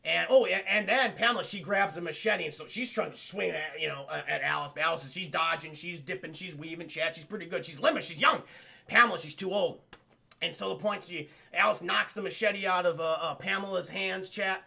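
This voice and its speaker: A male streamer and film reviewer casually recapping a film, animated and profane, constantly addressing his chat. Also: high voice, brisk, creaky.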